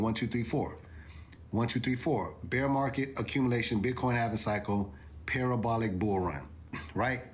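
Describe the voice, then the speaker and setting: A man hosting a livestream, talking viewers through crypto charts in an emphatic, repetitive way that climbs to incredulous exclamations. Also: mid-range voice. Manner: emphatic, repeats himself, rising to incredulous exclamations. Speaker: crypto commentator.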